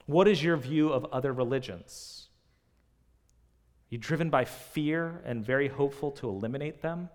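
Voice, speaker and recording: A man preaching a sermon, earnest and full of rhetorical questions, swinging between loud emphasis and quiet. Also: on the high side, normal speed. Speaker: pastor. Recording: long reverb of a large hall.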